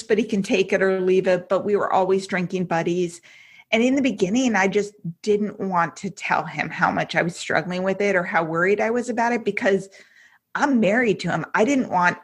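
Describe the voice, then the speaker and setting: A woman in her forties speaks with a breathy, slightly husky tone as a podcast guest. she talks openly and emotionally, full of fillers and quick asides, and her pitch sits in the middle. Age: 40s. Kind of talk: candid personal story in an interview.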